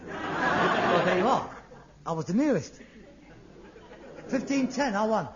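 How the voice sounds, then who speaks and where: A touchy son, high, swooping voice, radio sitcom. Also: male voice, expressive, takes it slowly, fairly bright tone, exaggerated voice. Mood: irritable. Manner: irritable, snapping, flares into rants. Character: frustrated middle-aged London son, irritable and touchy. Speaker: grown son. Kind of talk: 1960s radio sitcom acting. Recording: dull lo-fi old radio recording.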